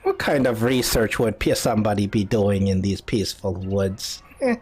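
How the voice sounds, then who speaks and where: A man voicing a cranky, arthritic old woman who lives alone in the woods, talking slowly in a grumbling, suspicious way. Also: lowish voice, darkish tone, slightly rough, pitched below the performer's own voice. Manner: slow, grumbling and querulous.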